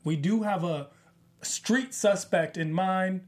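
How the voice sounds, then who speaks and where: A man's voice: high voice, slow pace. A man co-hosting a casual entertainment news chat, talking in a chatty, teasing way with frequent restarts.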